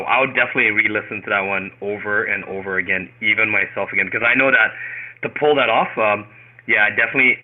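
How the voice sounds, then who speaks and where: Hesitant man on a phone-quality call. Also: lowish voice. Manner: hesitant, full of restarts. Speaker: call participant. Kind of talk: casual call discussion.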